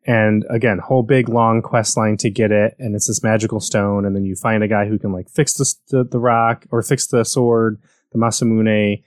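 A man's voice: on the low side, little pitch movement, normal speed, dry recording, studio quality. An American man chatting casually about video games, rambling and correcting himself as he goes. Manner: rambling, self-correcting, enthusiastic.

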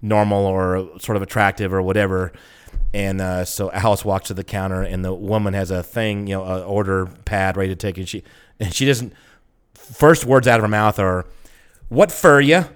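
Deep-voiced man telling rambling stories. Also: fairly even intonation, normal speed, smooth. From Georgia, US. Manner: rambling anecdotes with filler words. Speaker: podcast co-host. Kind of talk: casual storytelling chat.

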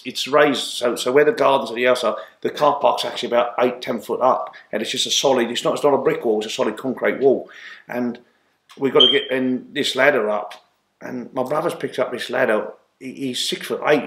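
Man telling rambling stories in echoey room. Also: mid-range voice. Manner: rambling, animated anecdotes with frequent restarts and fillers. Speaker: interview guest. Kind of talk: casual storytelling interview. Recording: roomy echo.

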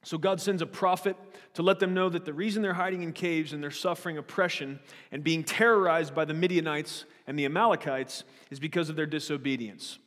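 A male pastor with a fairly high voice, preaching in a loose, conversational way with joking asides and questions to the room. His voice carries a long reverb from a church hall. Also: steady tone, fairly quick, fairly bright tone. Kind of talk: sermon.

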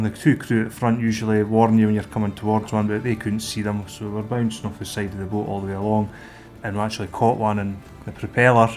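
A middle-aged Scottish man, a lifeboat volunteer, recounting a rescue in a plain-spoken, halting way. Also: fairly low pitch. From Scotland. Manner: plain-spoken, hesitant with fillers, animated when acting out scenes.

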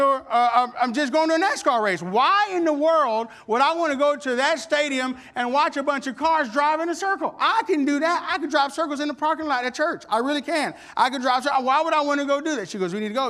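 A married man preaching a sermon, telling a funny personal story that builds into animated, shouted calls to worship. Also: extremely high pitch.

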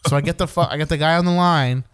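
A man's voice: a little high, fast talker, smooth. A man telling a rambling, profane story in casual chat with friends, often laughing. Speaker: podcast regular telling a story.

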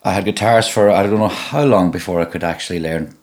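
Deep-voiced man with a Donegal accent. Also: a little fast. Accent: Donegal Irish. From Ireland (Donegal). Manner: relaxed storytelling, frequent repeated words and restarts. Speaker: musician guest. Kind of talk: conversational interview.

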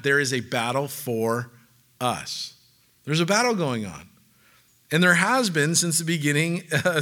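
Male preacher, loose conversational sermon, light humor, high ringing tone. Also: bright, forceful tone. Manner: casual, joking asides, frequent "like" and "okay?"; reads scripture aloud within the talk.

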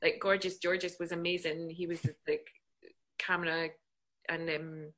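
Bright-voiced woman on a video call. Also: fairly low pitch, level tone, a little slow. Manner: chatty, thoughtful, laughs easily. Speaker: guest actress. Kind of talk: casual video-call interview.

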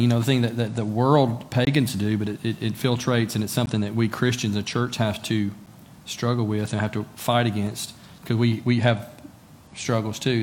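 A man's voice: lowish voice, level tone, normal speed, darkish tone, slight background noise. A man preaching a sermon in a conversational way, often asking his listeners rhetorical questions and repeating words for emphasis. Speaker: pastor.

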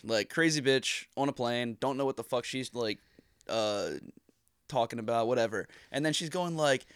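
A man's voice: mid-range voice, moderate pace, fairly bright tone, smooth, no echo, studio quality. A man in his thirties co-hosting a podcast, telling stories in a loose, rambling way with laughs and swearing. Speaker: podcast co-host. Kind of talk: casual chat.

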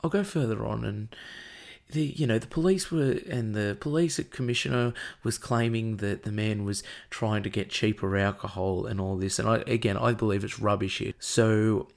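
A man's voice: lowish voice, moderate pace, creaky. An Australian man hosting a show, delivering an angry, profane and emotional rant as commentary.

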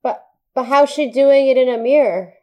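A woman's voice: high-pitched, normal speed, dull audio. A woman playing a tabletop game in casual chat, hesitant and teasing. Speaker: player.

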